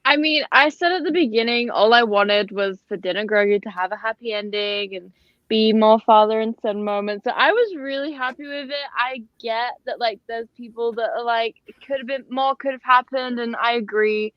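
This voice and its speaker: A woman's voice: on the high side, moderate pace, no room sound, dull audio. A woman co-hosting a casual podcast, gushing and emotional. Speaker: podcast co-host. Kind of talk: casual chat.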